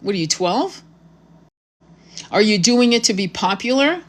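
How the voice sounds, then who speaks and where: A woman's voice: mid-range voice, animated, a little slow. A woman with a mid-range voice, speaking in a loose monologue straight to her viewers. She reads tarot and talks bluntly and confrontationally, swears freely and uses spiritual terms. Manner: spiritual vocabulary. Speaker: tarot reader. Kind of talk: casual monologue to camera.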